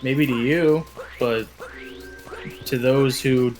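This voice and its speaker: A man's voice: medium pitch, steady tone, slow. A man in casual voice-chat banter, arguing and teasing his friends. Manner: argumentative, teasing. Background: game music.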